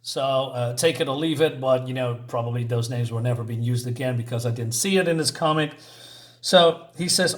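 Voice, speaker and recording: Halting man retelling a comic. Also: fairly high pitch, fairly bright tone. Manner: halting, many fillers and restarts, chuckling asides. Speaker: comic book reviewer. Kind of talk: casual comic review, retelling panels.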